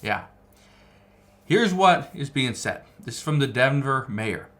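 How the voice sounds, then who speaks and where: A man's voice: medium pitch, lively intonation, slow, a bit bright. A man giving political news commentary, reading out articles and stressing his points by repeating phrases. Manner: emphatic, repeats key phrases.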